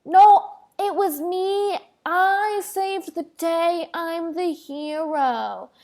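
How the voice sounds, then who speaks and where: Here is a dramatic, moody queen, whiny and full of herself, as a woman mocks her. The voice sits high and drips with sarcastic self-pity. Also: drawn-out words, a little mellow, exaggerated voice.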